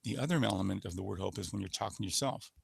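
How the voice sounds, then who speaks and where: Gravelly low-voiced man teaching a webinar. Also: rapid-fire, no room sound. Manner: coaching, demonstrates voice patterns with example phrases. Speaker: webinar presenter. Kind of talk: instructional webinar talk.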